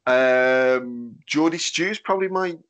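A man hosting a podcast in casual chat, with a nasal, fairly monotone voice, swearing and laughing easily. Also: mid-range voice, slow pace. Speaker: podcast host.

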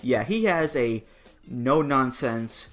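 A man's voice: mid-range voice, expressive, fairly bright tone, faint music behind. A man co-hosting a podcast in casual chat, wry and opinionated. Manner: wry, opinionated, quick to laugh. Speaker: podcast co-host.

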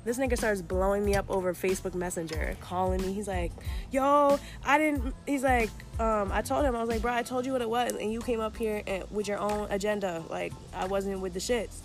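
A young woman in her twenties telling a story in casual chat, animated and profane, acting out the people she quotes. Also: mid-range voice, a little fast, faint music behind.

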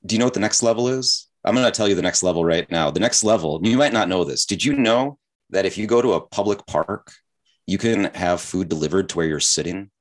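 Very deep-voiced playful male podcast host. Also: brisk. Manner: playful, enthusiastic, heavy use of "like". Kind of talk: casual podcast chat.

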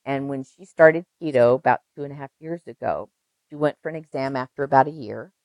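A woman's voice: a bass voice, no room sound, rough recording. Emphatic older woman nurse. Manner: emphatic, animated storyteller with repeated phrases. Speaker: registered nurse guest. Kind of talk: conversational interview.

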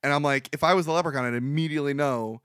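A man hosting a podcast, casually recapping a movie with frequent laughter and lively put-on quotes. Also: on the high side, very fast, clear, resonant tone, dry recording, clean studio sound. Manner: laughs often, animated retelling with put-on quotes. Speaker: podcast host.

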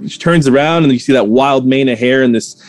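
A man's voice: mid-range voice, no room sound, faint music behind. A man running a tabletop role-playing game as game master, narrating scenes with frequent stumbles and restarts. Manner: halting, many restarts while describing scenes.

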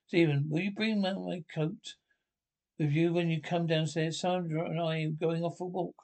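A devoted husband and father, read by a man from a radio drama script. His tone is plain and fairly high. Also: fairly even intonation, normal speed, darkish tone, natural voice. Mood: gentle. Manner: reads stage directions aloud before lines.

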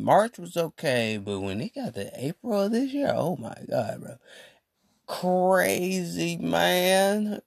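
A man's voice: mid-range voice, creaky, no room sound, studio quality. A man hosting a podcast, telling a story to his listeners in a rambling, slang-filled casual monologue. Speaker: podcast host.

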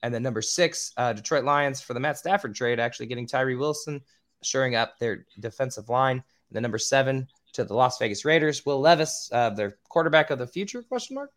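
A man hosts a loose podcast chat, mid-pitched and a little squeaky. He talks casually, trips over hard names and swears freely. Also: brisk, a bit bright. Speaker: podcast host.

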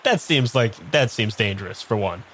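A man's voice: lowish voice, animated, moderate pace, a bit bright, husky. A man voicing a giant male bridge troll who is weary and grumbling, talking in a frank, rambling, complaining way.

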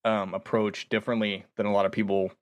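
A man's voice: on the low side, flat delivery, quick pace, no room sound. A young man guesting on a podcast, telling a ghost-hunting story in casual chat, acting out quoted voices and laughing often.

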